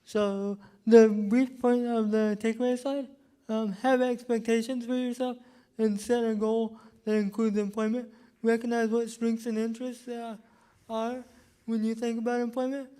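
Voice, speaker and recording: A man sums up workshop takeaways in a measured, list-like delivery. His voice is mellow and dark, and his pitch barely moves. He keeps each point plain and steady. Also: smooth. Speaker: workshop co-presenter. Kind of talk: summarizing presentation slides.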